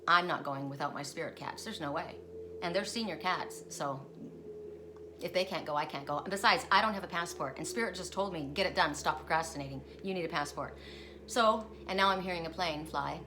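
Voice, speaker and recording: Lowish-voiced lady chatting through a card reading, rambly, noisy room. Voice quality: rambling, chatty, with frequent restarts. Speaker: oracle card reader. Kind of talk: casual spiritual card reading. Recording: noisy home recording.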